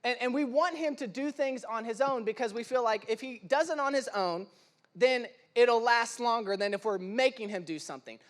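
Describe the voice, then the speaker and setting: A young man with an unusually high voice for a man preaches in church. He tells stories with humor and energy, and he slips into the voices of the people he quotes. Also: moderate pace. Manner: animated, acts out quoted voices, self-deprecating humor. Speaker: pastor. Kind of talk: sermon with storytelling.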